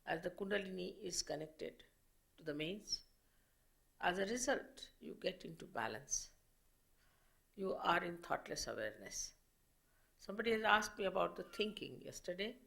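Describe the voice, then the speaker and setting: A woman giving a public spiritual lecture as a teacher, explaining slowly and in measured phrases with pauses. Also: on the low side, animated, vocal fry, a bit bright.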